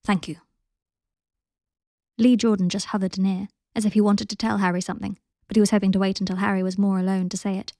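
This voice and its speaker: A woman hosting a podcast, reading a story aloud in a gentle, even storytelling manner. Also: mid-range voice, fast, few pauses, no echo, studio quality. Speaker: podcast host and reader.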